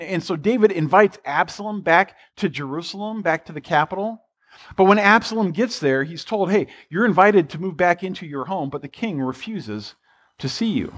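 A man's voice: sits high, slightly rough. A pastor preaching a sermon, retelling a story in a loose, conversational way and voicing the characters with "he's like".

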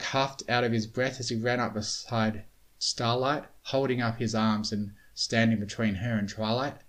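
A man reading a storybook tale aloud in a steady, measured way. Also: medium pitch. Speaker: reader. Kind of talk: storybook narration of fan fiction.

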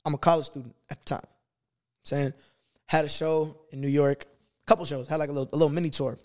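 A man's voice: a little high, steady tone, fast. A young man from Boston, a singer and rapper, telling a story in casual slangy talk as a guest. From Boston, USA.

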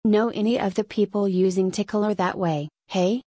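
A blunt, stubborn middle-aged man with a folksy, plain way of talking, as a woman reader voices him. The recording is dry and close, and the pitch sits in a middle range. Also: steady tone, normal speed, warm tone, husky, dry recording, lightly acted. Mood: musing.

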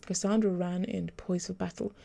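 A woman author reading her own story aloud in an even, measured audiobook narration. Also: on the low side, creaky.

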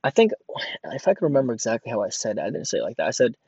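A man's voice: medium pitch, big pitch swings, racing, vocal fry, warm tone, slightly rough, dry recording. A man who works at a grocery store, rambling through a sarcastic casual rant with lots of fillers. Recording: dull lo-fi dry audio.

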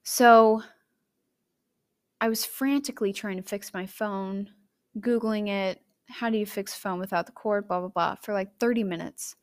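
A young woman hosts her own podcast and tells a personal story straight to her listeners. She talks in a chatty, candid way, with sudden emotive swings in pitch and loudness. Her voice sits at an ordinary middle pitch for a woman. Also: normal speed. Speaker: podcast host.

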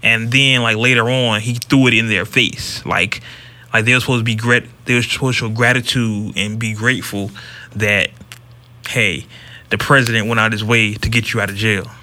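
A man with a bright, ringing voice talks on a casual podcast. He is a regular host who speaks bluntly and with emphasis, swearing freely as he gives his opinions. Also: on the low side, level tone, normal speed. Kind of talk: casual commentary.

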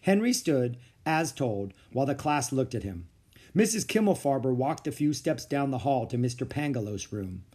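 A man reading a children's novel aloud as a podcast storyteller, with expressive, animated narration. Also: medium pitch, moderate pace, husky.

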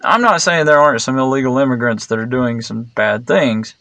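Man, rough creaky voice, dry close recording, rambling, sarcastic, digressive. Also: mid-range voice, brisk, pushed and bright, no echo. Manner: meandering, digressive, many fillers and restarts; blunt and sarcastic. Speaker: vlogger. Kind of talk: rambling opinion monologue.

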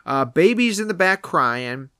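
A podcast co-host in casual movie review chat, retelling scenes in an animated way. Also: mid-range voice, measured pace, clear, resonant tone, no room sound, studio quality.

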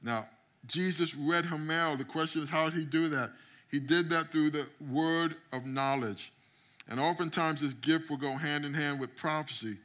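A middle-aged man preaching a sermon as pastor, telling stories and acting out quotes, building up to loud climaxes. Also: fairly high pitch, normal speed. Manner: storytelling, acts out quotes, builds to shouting climax.

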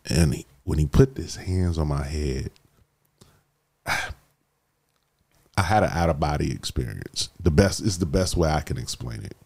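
A man telling his life story as a guest, casual and animated, often saying "bro" as he talks. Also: rumbling low, measured pace, long pauses, breathy edge. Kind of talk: emotional personal storytelling.

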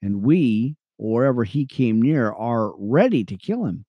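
A man teaching the Bible on radio, reading verses aloud between excited, chatty asides to his listeners. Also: mid-range voice, unhurried, breathy edge, no echo, highs cut off. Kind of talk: reading scripture with commentary.

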